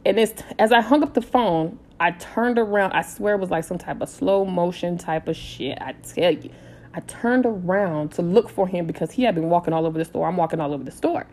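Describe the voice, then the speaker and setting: A woman in her thirties telling a personal story in a casual, animated way, blunt and swearing freely. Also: on the low side, brisk. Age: 30s. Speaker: storytime vlogger.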